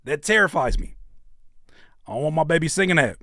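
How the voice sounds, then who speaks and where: An animated man hosting a live music reaction stream, his voice swinging widely up and down as he jokes and riffs. He repeats phrases for emphasis in a casual, conversational way. The sound is dry and close. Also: fairly high pitch, a little fast, vocal fry, dry recording. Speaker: host reviewing music submissions. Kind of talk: casual livestream reaction chat.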